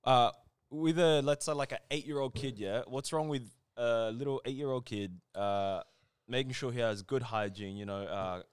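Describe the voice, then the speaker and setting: Smooth man in casual chat. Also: medium pitch, normal speed, no echo. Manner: earnest, rambling, swears casually. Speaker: podcast co-host.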